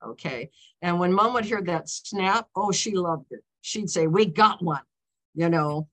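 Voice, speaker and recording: A woman's voice: on the low side, lively intonation, measured pace, a bit bright. A woman in her seventies, an author telling stories in a casual talk, rambling and breaking in on herself with frequent "okay?" and "you know" check-ins. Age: 70s.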